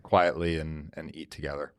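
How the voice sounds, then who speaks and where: A man narrating a tabletop game as game master, calmly describing scenes. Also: very deep voice, moderate pace, very noisy.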